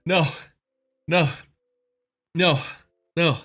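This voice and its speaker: A man voicing a soaked young man who gives short, flat refusals. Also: on the high side, drawn-out words, voice pushed up, heavily acted. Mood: curt. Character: dripping, breathless young man pushed into a pool.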